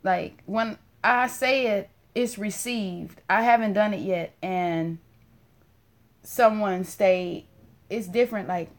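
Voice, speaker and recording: A woman of middle pitch talks to her viewers, blunt and full of swearing. She teases and jokes, then slows down to repeat single words softly. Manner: blunt and profane, joking with viewers. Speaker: live-stream host. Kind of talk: casual spiritual talk to viewers.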